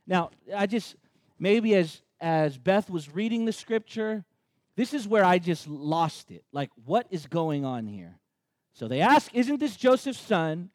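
A man's voice: high-pitched, a little slow, no echo. A man preaching a sermon, joking and acting out the crowd's reactions. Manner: animated, joking asides, acts out crowd reactions. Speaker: pastor.

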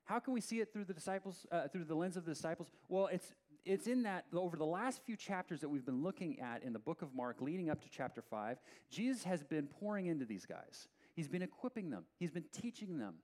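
Male pastor, slightly higher voice, conversational and animated sermon delivery. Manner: opens in a soft, slow prayer.

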